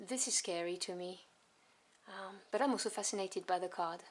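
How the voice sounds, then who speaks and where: A woman's voice: mid-range voice, normal speed. Chatty woman reviewing tarot cards. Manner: chatty, enthusiastic, drops into soft asides. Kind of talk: casual deck review. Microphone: camera on tripod. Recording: noisy home recording with clicks.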